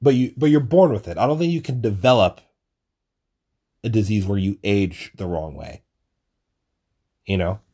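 Low-voiced young man rambling casually. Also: moderate pace, long pauses, mellow, breathy edge. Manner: rambling, swears a lot, self-deprecating. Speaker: podcast host.

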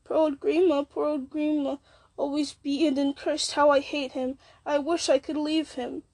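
A beaten, wretched servant whimpers in self-pity, as a woman reads him. The voice is high and a little strained. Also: little pitch movement, normal speed, darkish tone. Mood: whimpering.

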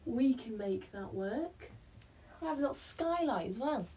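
A woman's voice: fairly high pitch, expressive, unhurried, darkish tone, husky, poor audio. A woman vlogging in casual self-talk, out of breath and self-mocking, often dropping to a whisper. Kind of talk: casual self-talk while building a blanket fort.

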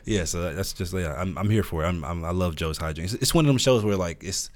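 Man, low voice, rapid talk, excited, casual podcast chat. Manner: enthusiastic, animated, quick-talking, swears casually. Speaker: podcast co-host. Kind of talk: casual pop-culture chat.

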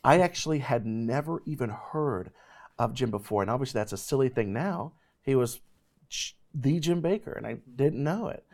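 A man in his thirties, host of a ministry show, telling a personal faith testimony in an animated, emphatic way. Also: medium pitch, moderate pace. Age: 30s.

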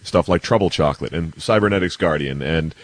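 A man chatting casually as a podcast guest, rambling and quick to laugh. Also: low voice, no room sound. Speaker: podcast guest, anime columnist. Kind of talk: casual chat.

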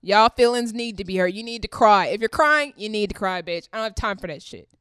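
A woman ranting straight to camera in a blunt, profane, confrontational way, swinging between loud outbursts and low muttering. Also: lively intonation, brisk, clean tone, no room sound, clean studio sound. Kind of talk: direct-to-camera rant.

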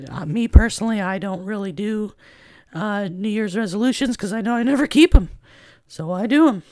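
A woman's voice: fairly high pitch, no room sound. A woman hosting a casual solo podcast, rambling along with lots of fillers. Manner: rambling, filler-heavy chatter. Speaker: podcast host. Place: at home in a trailer.

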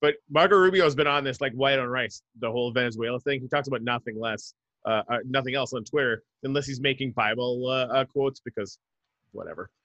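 A man's voice: mid-range voice, a little fast, a bit bright, dry recording, highs cut off. A man hosting a podcast, chatting loosely and sarcastically with plenty of fillers. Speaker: podcast host. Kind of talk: casual chat.

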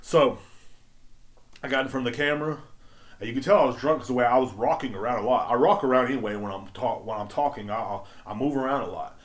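A man's voice: mid-range voice, fast talker. A man hosting his own podcast, ranting casually with heavy swearing and emphatic outbursts. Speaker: podcast host. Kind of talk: casual profane rant.

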